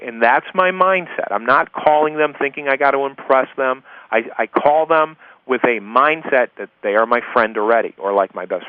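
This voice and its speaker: A man's voice: medium pitch, no echo. Man coaching over a tinny phone line. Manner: chatty, repeats key points, checks in with "okay?". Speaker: sales prospecting coach. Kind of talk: conversational recorded course lesson.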